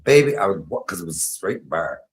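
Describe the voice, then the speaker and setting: A man's voice: sits low, very animated, fairly quick, poor audio. A middle-aged man, telling stories on a home cooking livestream, chatty and laughing. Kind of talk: casual storytelling while cooking.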